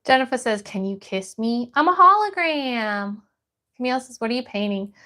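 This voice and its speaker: A woman's voice: a little high, lively intonation, normal speed, bright, forceful tone. A woman from Florida hosting a casual livestream, reading viewer messages aloud and answering them as she paints. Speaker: livestream host.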